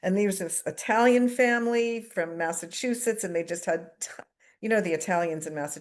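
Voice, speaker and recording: Speaking briskly in a mid-range voice, a middle-aged woman from the United States shares her recovery story candidly at a twelve-step meeting. She pokes fun at herself, using fillers and dry side comments.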